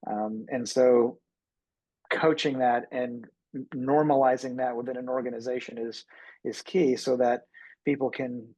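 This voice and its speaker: A man on a discussion panel, speaking in a measured, reflective way with hesitations. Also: medium pitch, fairly even intonation, darkish tone, no room sound, low-quality recording. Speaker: panel guest.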